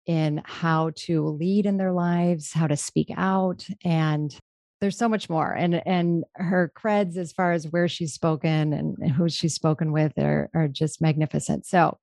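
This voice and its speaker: A woman's voice: on the low side, darkish tone, no room sound, studio quality. A woman hosting a podcast, introducing her guest in an effusive, rambling way with many restarts. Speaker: podcast host.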